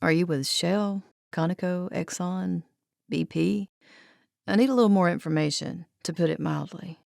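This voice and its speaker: A woman voicing a weary, wary man who leads an oil-fire crew, speaking slowly, guarded and curt. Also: fairly low pitch, gravelly, a little mellow, dry recording, clean studio sound.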